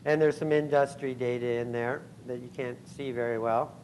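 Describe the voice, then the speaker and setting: A man giving a scientific conference talk, pausing often with ums and uhs and clearing his throat. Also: mid-range voice, steady tone, darkish tone, slight background noise, low-quality recording. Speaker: conference speaker. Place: convention center hall.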